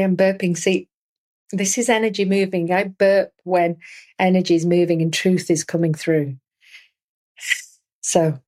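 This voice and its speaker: A woman hosting a spiritual podcast and speaking as an energy healer in a soothing, earnest monologue with gentle repetition. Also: lowish voice.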